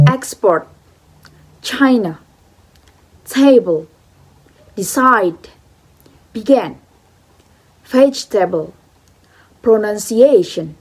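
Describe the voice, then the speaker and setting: A young woman talks through a phonology lesson at an unhurried, deliberate pace. Her pitch sits in the middle of the range, and she pauses and hesitates often, fills the gaps with small words, and explains everything carefully. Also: a little mellow. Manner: slow, careful, hesitant, with fillers like "okay" and "uh". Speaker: student presenter.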